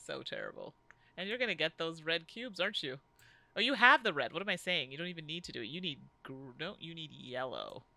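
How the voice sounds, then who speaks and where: A woman's voice: deep voice, a little fast, vocal fry, no echo. A woman co-hosting a casual board game playthrough, groaning and joking at herself as her turn goes badly. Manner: animated, groaning and self-deprecating.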